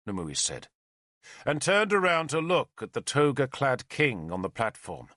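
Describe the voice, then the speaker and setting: Slow bright male audiobook narrator. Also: medium pitch, wildly swooping pitch, dry recording, studio quality. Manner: dramatic, measured storytelling.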